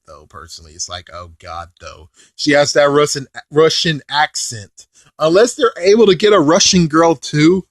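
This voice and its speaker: A man giving a casual, rambling review of a show, excitable, with mild swearing and filler phrases. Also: fairly high pitch, no room sound, clean studio sound. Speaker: video reviewer.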